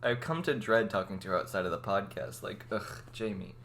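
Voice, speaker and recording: A man's voice: fairly low pitch, expressive, fairly quick, a bit bright, a little hiss or hum. Young guy cohost, goofy, lots of laughing, voice swings up and down a lot. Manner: jokey, self-mocking, laughs often, sings badly. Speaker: podcast co-host. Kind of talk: casual chat.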